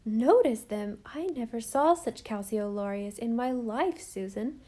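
A woman voicing a gentle, affectionate young mother, in a mellow, soft tone. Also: on the high side, expressive, measured pace. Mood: tender.

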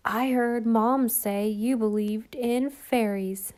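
A woman voicing a taunting young bully boy in a storybook reading, jeering in a slow, drawn-out way. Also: on the high side, a little mellow.

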